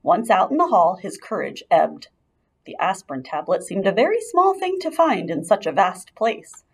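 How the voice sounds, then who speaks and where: At a moderate pace, a woman brings a children's chapter book to life with a lilting, pitch-swinging narration. Her voice is gravelly and a bit husky, and as a lively audiobook reader she shapes each line expressively for young ears.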